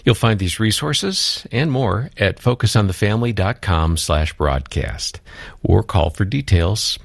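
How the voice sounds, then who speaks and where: A man hosting a radio program, reading a smooth, measured announcement. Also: lowish voice, no room sound, clean studio sound. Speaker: radio show host. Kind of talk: scripted broadcast announcement.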